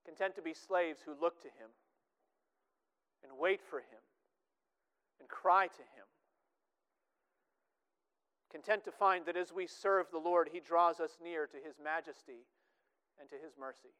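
A man's voice: a little high, measured pace, pauses often, fairly bright tone, smooth, poor audio. A man preaching a sermon in an earnest way, often repeating words for emphasis.

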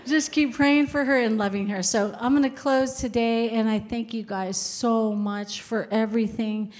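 A woman's voice: a little high, unhurried, a faint crowd, slight background noise. A middle-aged woman giving a sermon to a women's group, switching between emphatic exhortation and chatty storytelling with laughs. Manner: emphatic, rising to near-shouts on exhortations. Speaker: women's ministry speaker.

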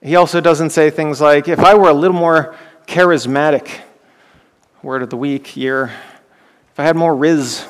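A man's voice: on the high side, steady tone, moderate pace. A man preaching a sermon in a conversational way, often asking his listeners rhetorical questions. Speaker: pastor. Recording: long hall reverb.

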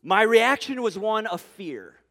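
A man preaching a sermon in an animated, humorous, conversational way, full of rhetorical questions to his congregation. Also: high voice, a little slow. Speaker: pastor. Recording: long hall reverb.

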